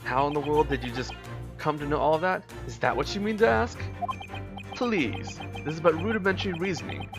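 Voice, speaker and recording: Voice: medium pitch, brisk, lightly acted. A streamer voicing a boastful, eccentric male detective in a visual novel, speaking in a theatrical, self-assured way. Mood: pompous. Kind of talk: reading visual novel lines aloud. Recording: game music playing behind. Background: game music.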